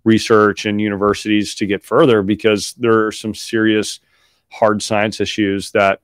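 Brief: man co-host, lower pitch, dry recording, quick banter. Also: level tone, clear, resonant tone, dry recording. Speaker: podcast co-host. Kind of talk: casual chat.

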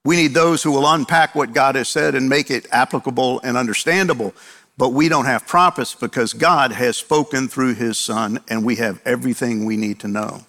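A man's voice: mid-range voice, normal speed, a bit bright. Man preaching in a reverberant hall. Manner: emphatic repetition and rhetorical questions. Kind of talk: sermon.

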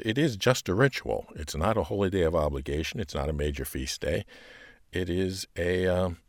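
A man, hosting a podcast that coaches scripture readers, talking casually with fillers and breaking into loud proclaiming when he reads aloud. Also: sits low, no echo, clean studio sound. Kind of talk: casual teaching talk.

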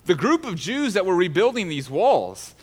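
A man preaching a sermon in a relaxed, joking way, with a voice a bit higher than most men's. He explains the text with light asides. The sound carries the long reverb of a large hall. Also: normal speed, husky. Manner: casual and joking. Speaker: pastor.

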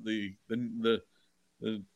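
A man's voice: fairly low pitch, takes it slowly, vocal fry, dry recording, highs cut off. A man guesting on a podcast, chatting casually and telling stories with many fillers and repeats. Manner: animated storyteller, lots of fillers and repeats. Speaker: filmmaker guest. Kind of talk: casual interview chat.

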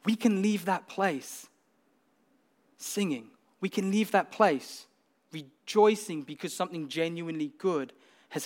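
Earnest, high-voiced man preaching. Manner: earnest, builds to emphatic peaks, repeats words. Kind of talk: sermon.

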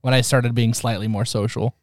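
A man's voice: medium pitch, fairly even intonation, brisk, no room sound, clean studio sound. A young man co-hosting a family podcast with his mother, joking and teasing in casual chat. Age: young adult. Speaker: podcast co-host.

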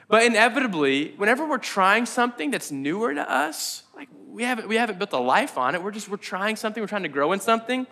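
Bright, high-voiced man preaching casually. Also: lively intonation, fairly quick. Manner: conversational, jokey, acts out imagined inner voices. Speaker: pastor. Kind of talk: casual sermon. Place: church meeting room.

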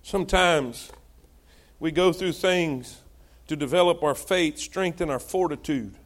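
Preacher guy, high voice, shouts then goes quiet, lots of call and response with the crowd. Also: unhurried. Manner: swings between shouted exhortation and low, hushed asides. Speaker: pastor. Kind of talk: sermon.

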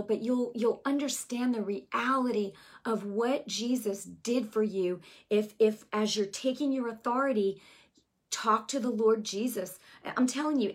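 A woman giving a passionate Christian healing testimony, repeating phrases for emphasis and building to near-yelling, then easing into conversational asides. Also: a little high. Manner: conversational asides, many restarts and fillers.

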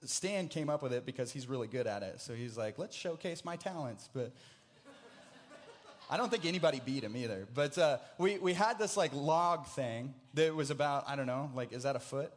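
A man preaching a sermon, earnest, often repeating words, moving between hushed reflection and loud, emphatic proclamation. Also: mid-range voice, expressive, normal speed. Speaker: pastor.

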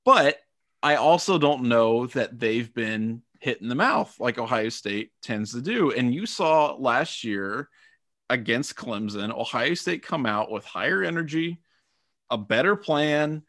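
A man co-hosting a sports podcast, breaking down the game in a measured, analytical way and thinking aloud. His pitch is ordinary for a man. The recording is close and dry, with no room sound. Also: lively intonation, a bit bright, no echo. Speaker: podcast co-host.

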